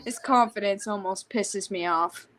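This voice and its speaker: This young woman is hosting a casual livestream from home at a desktop mic. She talks in an excited, rambling way and laughs often. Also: medium pitch, a little slow. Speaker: livestream host.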